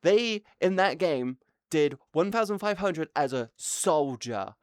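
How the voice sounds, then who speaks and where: A woman streaming live, telling a gaming story in a casual, excitable way, swearing often and laughing between words. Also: low-pitched, slow, no echo, clean studio sound. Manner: excitable, swears a lot, laughs mid-sentence.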